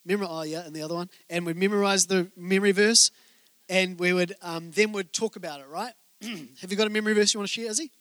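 A male pastor giving a sermon, telling stories in a joking, conversational way and speaking straight to the congregation with quick asides. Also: high-pitched, steady tone, a bit bright, dry recording. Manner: joking, conversational storytelling from the pulpit.

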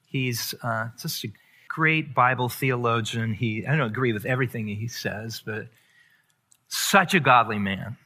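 Pastor, male, bright tone, candid confessional testimony with emphatic build. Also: medium pitch, unhurried. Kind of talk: personal testimony sermon.

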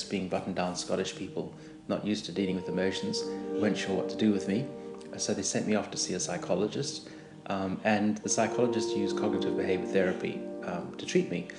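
Gravelly, low man telling his life story. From Rhodesia. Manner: hesitant, many ums, self-deprecating and wry. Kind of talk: reflective personal storytelling. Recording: echoey room with faint music.

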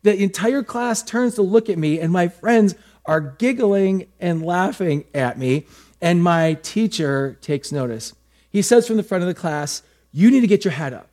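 A man's voice: sits high, animated, measured pace, darkish tone. A male pastor preaching a sermon, telling a personal story with acted asides.

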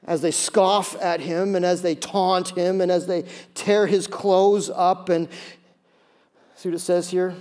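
Dramatic male preacher, high voice. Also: level tone, a little slow. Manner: dramatic, acts out quoted voices, drops to hushed tones. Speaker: pastor. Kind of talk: sermon.

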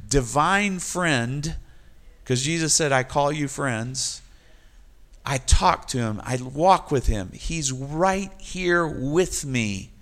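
A man's voice: fairly high pitch, fairly bright tone. A man preaching a sermon, building to emphatic repeated refrains. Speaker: pastor.

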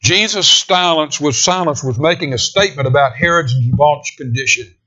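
A man preaching a sermon with emphatic delivery, rising to raised declamation and dropping to a hushed near-whisper. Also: fairly high pitch, moderate pace, lo-fi sound.

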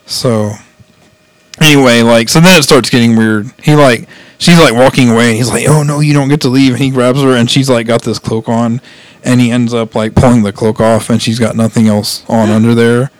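A man talks through a show's plot in a loose, rambling way, laughing often and slipping into quick voices for the characters. His voice sits at an ordinary pitch. The sound is dry and close, with no room echo. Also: steady tone. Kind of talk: casual chat retelling an anime plot.

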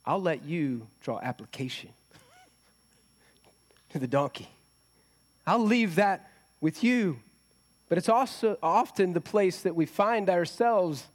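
Man, pastor, sermon, conversational, rhetorical questions, high-pitched. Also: animated, slow, pauses often.

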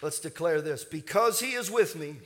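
A man's voice: on the high side, lively intonation, moderate pace. A man preaching a sermon as pastor, building with rising fervor and leading the congregation in call-and-response.

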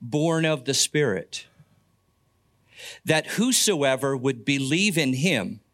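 A man's voice: mid-range voice, fairly bright tone. An older man preaching a sermon as pastor, earnest, with folksy asides and stories about family.

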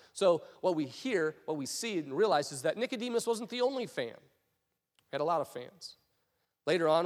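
A man preaching a sermon as a pastor, in a conversational, animated storytelling way with frequent restarts. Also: sits high, big-room sound.

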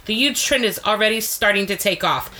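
A woman's voice: mid-range voice, brisk, bright, forceful tone. A woman co-hosting a podcast in casual chat, ranting with profanity and laughing. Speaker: podcast co-host.

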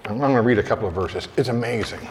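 Guy preaching a chatty sermon, slow scripture reading, big echoey church hall. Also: lowish voice, slight background noise. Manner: conversational preaching, reads scripture slowly. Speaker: pastor. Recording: long hall reverb.

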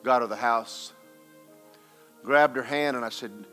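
A man preaching a sermon as a pastor, telling a personal story and swinging between loud, urgent exhortation and hushed, quiet recounting. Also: mid-range voice, a little slow, pauses often, faint music behind.

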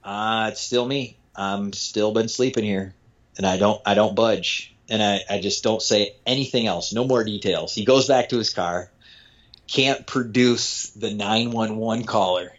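Male storyteller from Michigan, animated, acts out dialogue, curses freely, muffled lo-fi sound. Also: on the low side, unhurried. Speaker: storyteller guest. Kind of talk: casual anecdote telling. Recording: dull lo-fi sound.

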